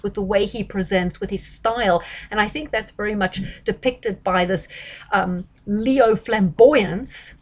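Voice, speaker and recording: A woman talks through an astrology reading in a loose, chatty way. She is emphatic and animated, and she often stops to correct herself and fills pauses with ums. Her pitch sits in the middle of the usual range for a woman. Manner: chatty and emphatic, with frequent fillers and self-corrections. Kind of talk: casual astrology commentary.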